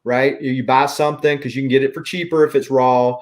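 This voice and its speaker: A man's voice: medium pitch, fairly even intonation, fairly quick. A man with a Southern US accent hosting a casual chat and ranting in an opinionated way. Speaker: host.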